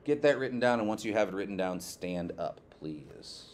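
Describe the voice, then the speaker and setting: A male teacher giving a classroom lecture, lively, quizzing his students and checking in with "okay" often. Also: fairly low pitch, moderate pace, slight background noise.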